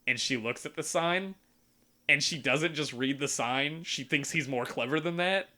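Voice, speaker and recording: Young male podcast host, bright-toned, casual animated storyteller who swears freely. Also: on the high side, normal speed. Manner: animated, acts out characters while retelling a story.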